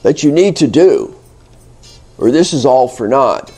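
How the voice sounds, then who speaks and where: A man's voice: medium pitch, expressive, measured pace, dark tone, husky. An American man hosting a casual spoken English lesson, rambling and playfully teasing his viewers, with lots of fillers and restarts. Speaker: English teacher and channel host. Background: faint background music.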